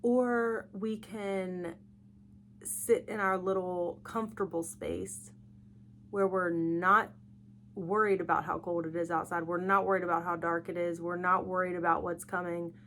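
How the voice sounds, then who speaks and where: A woman's voice: on the low side, steady tone, measured pace, a bit bright, a little hiss or hum. A young woman hosting a casual solo podcast, tired and yawning, chatty and reflective. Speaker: podcast host.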